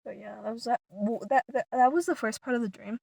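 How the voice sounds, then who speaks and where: A woman's voice: fairly high pitch, brisk, vocal fry, slightly rough, no room sound. Chatty woman with a dry, close sound. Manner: rambling, full of "like" fillers and restarts; animated retelling, some words dropped to a whisper. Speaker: vlogger. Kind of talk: casual storytelling to camera.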